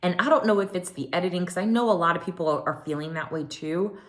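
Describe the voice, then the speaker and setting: A woman hosting a casual TV recap, chatty and animated, often acting out what people said. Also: lowish voice, fast talker. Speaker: recap podcast host.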